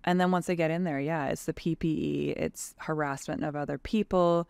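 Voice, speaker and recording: A Canadian woman in her thirties, a tradeswoman and advocacy leader, guests on a podcast, speaking frankly and animatedly with lots of "like." Her low, gravelly, darkish voice holds a steady tone at normal speed. The sound is clean, with no room sound.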